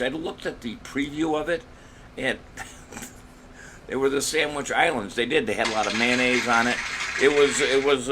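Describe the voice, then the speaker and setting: A man hosting a casual trivia show, cracking corny jokes, rambling between questions and reading each question out slowly. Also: medium pitch. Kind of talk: casual live-stream quiz hosting.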